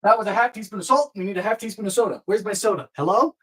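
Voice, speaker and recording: A man hosting a live baking stream, chatting playfully with viewers, trailing off and restarting, with sudden high squeals. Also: rapid-fire, few pauses, fairly bright tone, husky, poor audio. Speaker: baking show host.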